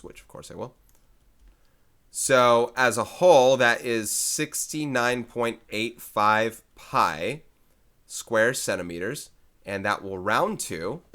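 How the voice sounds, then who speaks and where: A man with a low, bright voice works through a math lesson on his own. He thinks aloud, corrects himself often and keeps the tone easygoing as he explains each problem. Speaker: math teacher. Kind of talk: recorded math lecture.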